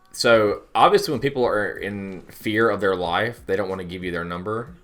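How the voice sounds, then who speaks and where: Young man, podcast co-host, low-pitched, blunt, joking, faint music behind. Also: fast, few pauses, fairly bright tone. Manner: storytelling, jokey, blunt. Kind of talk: casual chat.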